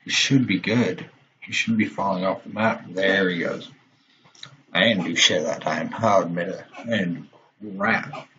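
Young gamer guy with a low voice, swears constantly while playing, dull lo-fi mic with a bit of hiss. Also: pushed and bright. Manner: swears a lot, quick to frustration. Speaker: gaming channel host. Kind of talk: gameplay commentary. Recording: dull lo-fi mic with faint noise.

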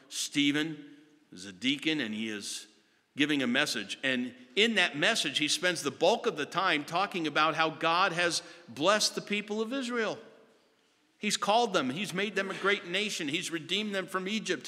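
Impassioned male pastor, bright voice, echoing sanctuary. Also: on the high side, animated. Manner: impassioned, swinging from hushed to loud with slow emphatic phrases. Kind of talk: sermon. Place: church sanctuary. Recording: long reverb of a church sanctuary.

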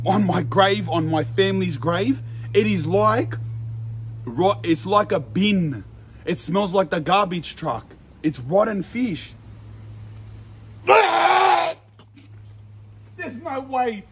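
A young man vlogging a food challenge in a loud, slangy way, full of exaggerated disgust. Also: high-pitched, slight background noise. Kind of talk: casual vlog.

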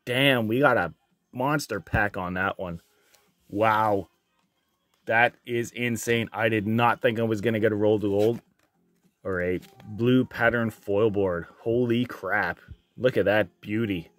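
A man opening trading card packs on his channel, reading out each card and getting loudly excited and swearing at the big pulls. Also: fairly low pitch, measured pace, no echo. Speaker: card breaker. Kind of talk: casual card-opening vlog.

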